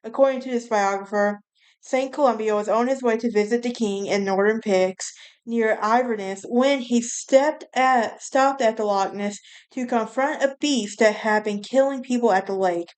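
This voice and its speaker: A woman's voice: a little high, normal speed, a little mellow, smooth. A woman hosting a casual solo podcast, telling a story in a rambling way, often correcting herself and laughing at her own telling. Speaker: podcast host.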